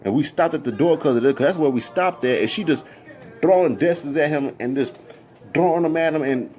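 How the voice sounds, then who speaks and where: A man casually telling a story from his past, animated and full of repeated "I'm like" asides. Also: a little high, brisk, faint music behind.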